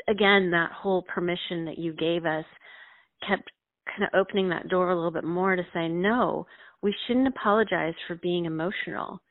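Woman, middle school teacher, earnest and reflective, lowish voice, dry phone-like sound. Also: no room sound. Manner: earnest and reflective, with halting restarts. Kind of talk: casual conversation.

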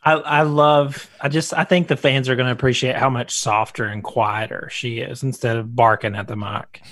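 A man's voice: mid-range voice, flat delivery, moderate pace, fairly bright tone, no echo. Laid-back teasing man co-host. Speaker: podcast co-host. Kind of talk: casual chat.

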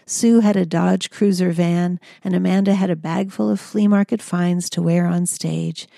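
A woman tells her own story in a calm, measured audiobook reading. Her voice sits low and mellow with a gravelly edge, and the dry booth recording keeps it close and plain. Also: dry recording. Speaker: memoir narrator. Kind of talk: audiobook memoir narration.

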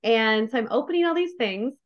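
A woman guest on a podcast tells a personal story candidly and effusively, emotionally open and packing in lots of "like" fillers. Her fairly high voice is lively in intonation and fairly quick. The recording is dull and lo-fi.

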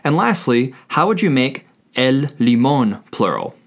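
A man teaching a scripted language lesson, speaking deliberately and spelling words out letter by letter. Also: mid-range voice, sing-song.

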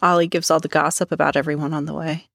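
Low, gravelly-voiced woman recapping a film. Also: quick pace, no room sound, clean studio sound. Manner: recaps plot scenes in a relaxed, matter-of-fact way. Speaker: podcast co-host. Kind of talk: casual movie recap chat.

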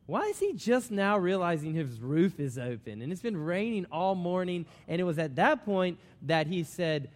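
A man's voice: a little high, moderate pace. Storytelling male preacher in a hall. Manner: storytelling, animated when excited. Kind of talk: sermon with personal story.

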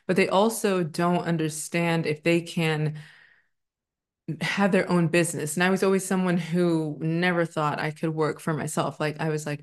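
Candid woman, low voice, rambling. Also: fairly even intonation, normal speed. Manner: candid, rambling, frequent ums. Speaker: astrologer and former teacher. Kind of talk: casual personal vlog.

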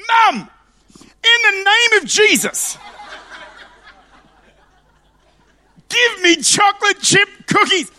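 A man voicing a three-year-old boy in a shopping trolley who keeps asking for cookies, high and insistent. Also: unhurried, pushed and bright, exaggerated voice.

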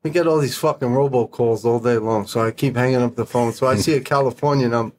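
A man's voice: mid-range voice, steady tone, fast, darkish tone, slight background noise. Blunt, profane storytelling man. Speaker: podcast guest. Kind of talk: casual storytelling.

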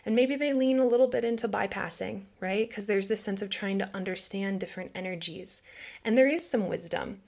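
A woman with a mid-pitched voice talks through spiritual ideas in a loose podcast chat. She is reflective and conversational, peppering her talk with "like" and "right?" and playfully voicing the thoughts she quotes. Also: fairly quick, gravelly, a little mellow. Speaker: podcast host.

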